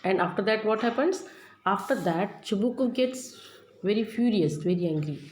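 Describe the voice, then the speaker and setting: A woman's voice: mid-range voice, animated, moderate pace, a little mellow. A woman teacher going through a play line by line, reading each line and then paraphrasing it in plain words. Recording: echoey room with faint noise.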